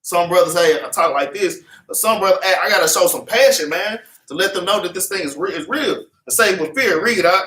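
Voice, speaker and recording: In an echoey meeting room, recorded from a distance, a man preaches to his congregation during a Bible class, using fervent, repetitive street talk and having scripture read back to him. His voice sits high, pushed and bright, moving a little fast with few pauses.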